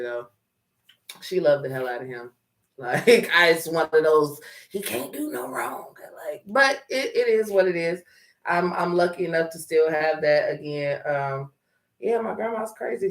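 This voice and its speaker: A woman's voice: fairly low pitch, fairly bright tone. Laid-back woman podcast host, echoey room. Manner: laid-back, laughs often, uses slang. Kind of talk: casual chat. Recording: echoey room, mic at a distance.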